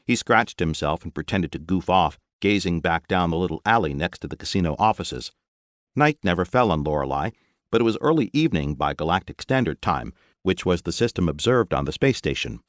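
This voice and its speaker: Brief: expressive male audiobook narrator, deep and animated, dry studio read. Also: brisk, no echo. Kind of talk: scripted narration.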